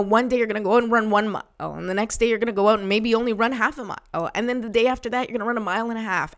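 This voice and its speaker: A woman hosting a motivational talk, encouraging and personal, often checking in with the listener. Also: fairly high pitch. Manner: encouraging, repeats "right?" to the listener. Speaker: host.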